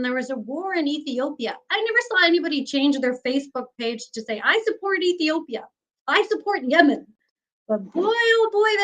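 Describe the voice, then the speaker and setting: Woman, high voice, fired-up interview guest who vents and curses. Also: fairly bright tone, rough recording. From Canada. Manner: indignant, ranting, swears freely. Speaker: guest, former news director. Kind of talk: heated interview talk.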